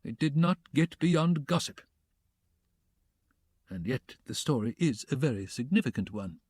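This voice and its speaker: A man reading the part of a stiff, self-important middle-aged gentleman who speaks formally and precisely. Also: mid-range voice, expressive, unhurried, breathy edge, no echo, clean studio sound. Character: stiff pompous middle-aged male suitor.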